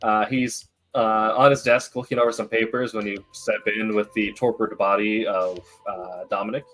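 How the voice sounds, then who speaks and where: A man narrating a tabletop game as game master, halting with many fillers. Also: fairly low pitch, flat delivery, a bit bright, faint music behind, rough recording.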